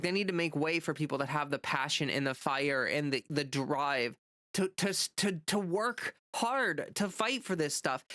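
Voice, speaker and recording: A woman's voice: on the low side, a bit bright, no room sound, studio quality. A woman streamer on an impassioned political rant, talking with lots of fillers and restarts and sighing in exasperation. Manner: exasperated, frequent sighs.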